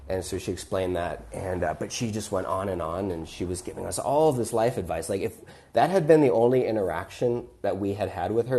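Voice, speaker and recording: A man with a fairly low voice tells a personal story on a podcast. He talks casually and with energy, often backing up and adding fillers as he goes. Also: dark tone. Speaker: podcast host.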